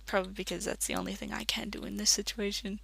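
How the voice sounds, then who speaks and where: An Australian let's play commentator rambling casually while gaming, chatty and quick to laugh. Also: mid-range voice, level tone, gravelly, sharp tone, a little hiss or hum.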